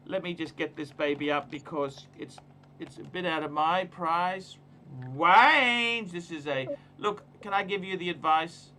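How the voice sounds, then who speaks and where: A man's voice: fairly high pitch, unhurried, sharp tone, slight background noise. A man hosting a casual livestream, giving emphatic, repetitive, ranting advice. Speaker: livestream host.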